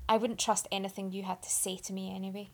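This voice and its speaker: A woman voicing a furious, loud young man. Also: mid-range voice, flat delivery, fast, natural voice. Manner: shouting, spitting words out.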